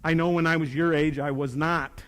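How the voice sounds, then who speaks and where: An older man giving a live motivational talk to young people, animated and swinging between loud bursts and hushed asides. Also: on the high side, normal speed, clean tone. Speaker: motivational speaker. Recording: reverberant hall.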